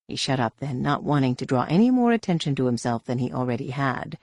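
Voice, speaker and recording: A man narrating an audiobook in a steady, even reading. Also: medium pitch, quick pace, hardly any pauses, no room sound, clean studio sound. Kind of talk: scripted narration.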